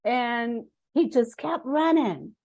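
An older woman, a guest on a parenting podcast interview, tells her stories earnestly and emphatically, carefully stressing her points. Her voice is a little high, expressive and darkish in tone, and she speaks slowly.

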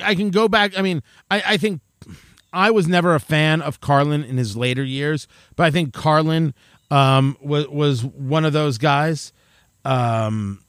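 A man delivering a rambling, animated opinion monologue, often interrupting himself. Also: fairly high pitch, no room sound, studio quality. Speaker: commentator.

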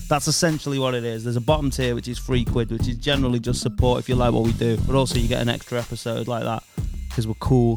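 A man co-hosting a podcast, teasing his friends in casual banter and reading a sweary ad for the show. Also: medium pitch. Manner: teasing, sweary, laughs often. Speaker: podcast co-host.

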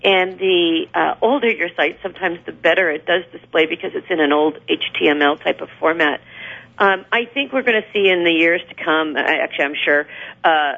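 A woman guest on a radio show, explaining marketing with many fillers and a gravelly voice. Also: fairly low pitch, brisk. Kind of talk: radio interview answers. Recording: dull lo-fi radio recording.

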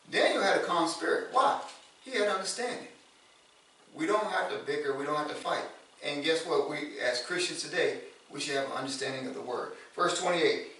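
A man preaching a sermon in a relaxed, conversational way, repeating words and rising to loud emphasis. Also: a little high. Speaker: pastor. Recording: echoey room from far off.

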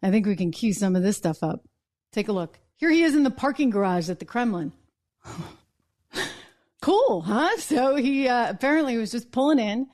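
Woman, talk show host, live political commentary, somewhat high voice, chatty, wry, restarts and asides. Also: big pitch swings, normal speed, darkish tone. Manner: wry, laughs at her own points.

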